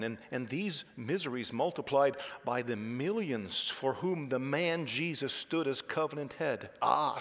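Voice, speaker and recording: Male pastor, mid-pitched, impassioned sermon delivery that drops to a hush and then rises loud; long hall reverb. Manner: impassioned, swings from hushed to loud. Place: church sanctuary.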